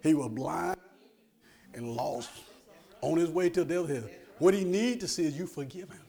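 A man, a pastor, a sermon in a call-and-response style, often asking "amen?" and swinging from soft asides to shouted lines. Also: a little high, normal speed, creaky.

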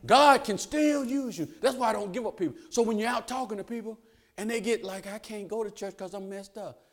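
An older man preaching a sermon, calling out to the congregation and rising to shouts. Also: sits high, brisk.

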